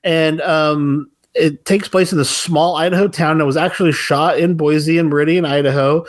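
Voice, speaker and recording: A man's voice: a little high, fairly even intonation, moderate pace. A man from the western United States hosting a podcast, chatting casually and enthusiastically about a horror film with frequent chuckles. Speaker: podcast host. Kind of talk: casual film review chat.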